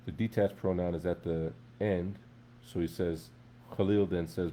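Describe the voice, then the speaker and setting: A man teaching an Arabic class in a relaxed, conversational way, often checking in with his students. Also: low voice, moderate pace, a little hiss or hum. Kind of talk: live classroom lesson.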